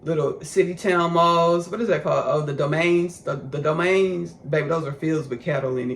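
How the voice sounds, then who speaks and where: Gravelly Texan country-accented man. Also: fairly high pitch, moderate pace, a bit bright, a little hiss or hum. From Austin, Texas. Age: 30s. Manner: rambling and effusive, peppered with "baby" and "y'all". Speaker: podcast host. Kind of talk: spiritual podcast monologue.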